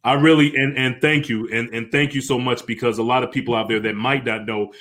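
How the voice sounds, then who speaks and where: A man's voice: medium pitch, steady tone, brisk, a bit bright. A man hosting an interview, speaking earnestly and with admiration for his guest. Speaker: host.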